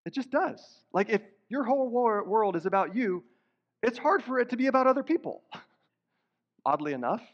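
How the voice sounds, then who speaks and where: A man's voice: very high-pitched, very animated, normal speed. A man preaching a sermon as pastor, earnest and conversational, with rising emphatic bursts. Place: church sanctuary. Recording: dull sound in a hall with long reverb.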